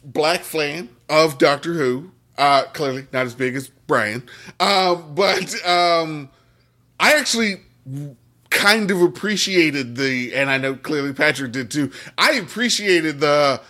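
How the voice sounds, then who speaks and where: Bright-voiced man in casual podcast chat. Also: on the high side, takes it slowly. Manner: animated, laughs often. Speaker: podcast co-host.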